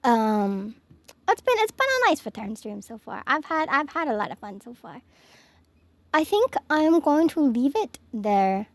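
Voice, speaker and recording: A woman's voice: fairly high pitch, big pitch swings, measured pace, dry recording. A young woman streamer signing off from her home office, gushing and giggly as she thanks her chat. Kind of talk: casual stream sign-off chat.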